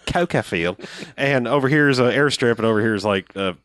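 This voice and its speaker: A man's voice: medium pitch, fast, fairly bright tone, dry recording. A man casually recapping an old action movie with a friend, laughing often and acting out lines from it. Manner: laid-back, rambling, laughs often, acts out quotes. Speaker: podcast co-host.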